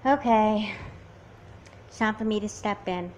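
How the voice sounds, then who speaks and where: A woman's voice: mid-range voice, unhurried, darkish tone, a little hiss or hum, close to an everyday voice, poor audio. A woman voicing a confident, self-assured teenage twin sister who takes charge in an amateur doll movie. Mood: determined. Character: confident, bossy teen twin sister with a plan.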